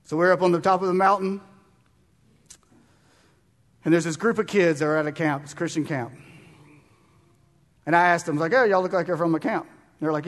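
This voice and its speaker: A man preaches with a high, bright voice that rings out in a big reverberant hall. He is fervent and urging, sometimes dropping low and slow, then bursting out loud. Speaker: pastor. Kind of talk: sermon. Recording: long reverb of a large room.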